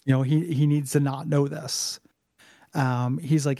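Mellow-voiced man chatting casually. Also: medium pitch, steady tone, vocal fry, no room sound, clean studio sound. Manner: halting, many restarts, frank and profane. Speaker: podcast co-host. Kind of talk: casual chat recapping a cartoon episode.

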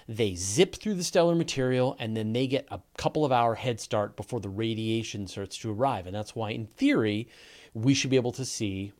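A man's voice: medium pitch, darkish tone. A man with a Canadian accent hosting a casual live question-and-answer show, talking in a rambling way with lots of fillers and restarts. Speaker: host.

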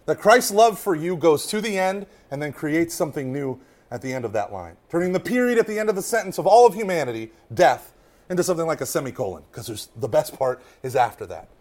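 A man giving a lively faith talk to a room of listeners, swinging from loud emphasis to hushed asides and often checking in with "right?". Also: on the high side, fast. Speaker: Catholic speaker.

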